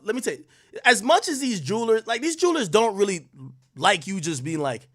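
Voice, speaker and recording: Animated man with a high, lively voice. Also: fairly quick. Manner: animated rambling slang-heavy storytelling. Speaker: podcast host. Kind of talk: casual chat.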